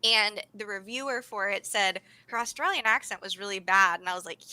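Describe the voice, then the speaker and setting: A young woman from the United States co-hosting a livestream, chatting in a bubbly, fast way with plenty of laughter. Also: mid-range voice, pushed and bright, dry recording. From United States (grew up in Sacramento). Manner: bubbly, fast, laughing, says "oh my gosh" often. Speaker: livestream co-host. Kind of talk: casual chat.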